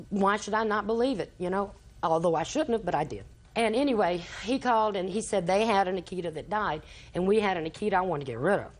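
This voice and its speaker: Older woman testifying in court. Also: medium pitch. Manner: long storytelling, acts out quoted dialogue. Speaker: litigant in small claims court.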